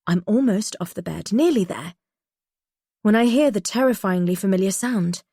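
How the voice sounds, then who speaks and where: A woman reading a first-person thriller audiobook in a tense, measured way. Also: medium pitch, warm tone, breathy edge, no room sound, clean studio sound. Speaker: audiobook narrator.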